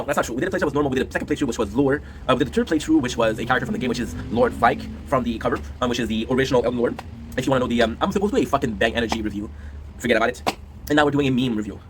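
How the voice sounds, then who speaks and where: A man's voice: medium pitch, a little hiss or hum. A young man hosting his gaming channel, talking casually to camera in a rambling way, repeating phrases and swearing now and then. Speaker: gaming YouTuber host.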